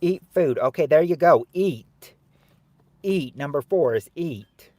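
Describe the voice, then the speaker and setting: A man hosting a game show game on a livestream, joking with viewers in chat and loudly repeating the answers. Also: on the high side, lively intonation, takes it slowly, no echo. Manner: jokey and teasing, calls out answers loudly and repeats them. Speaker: livestream host running a family game show game. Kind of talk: casual livestream chat, reading viewers' guesses.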